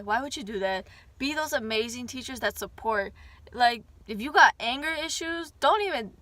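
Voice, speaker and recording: A woman's voice: fairly high pitch, a bit bright. A young woman telling a casual storytime on her vlog, chatty and rambling, swearing often and breaking into asides. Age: young adult. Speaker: vlogger.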